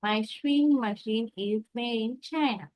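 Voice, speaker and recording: A woman student, quietly repeating words after her teacher. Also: a little high, measured pace, highs cut off. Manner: quiet, echoes the teacher word by word. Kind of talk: repeating pronunciation drills.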